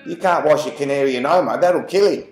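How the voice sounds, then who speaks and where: A man's voice: on the high side, fast, soft background music, lightly acted. A man with an Australian accent voicing a patient, firm male supermarket manager in a joke. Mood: scolding. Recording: echoey room.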